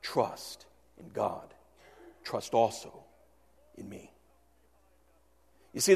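Male pastor, earnest sermon delivery, higher voice, long reverb. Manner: earnest, swings from loud to hushed.

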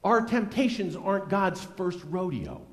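A man preaching a sermon as a pastor, earnest and conversational, with strong swings between loud and soft. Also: high voice, very animated, a little slow, big-room sound.

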